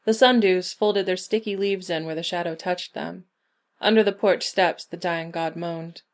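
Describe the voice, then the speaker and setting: A woman narrating a short story in a measured, even reading. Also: on the low side. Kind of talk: scripted narration.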